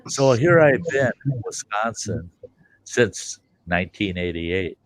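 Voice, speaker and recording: A man's voice: lowish voice, lively intonation, takes it slowly, dry recording. A middle-aged man hosting a livestream, telling rambling, colorful anecdotes in a folksy way and acting out what people said. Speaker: livestream host. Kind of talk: folksy storytelling chat.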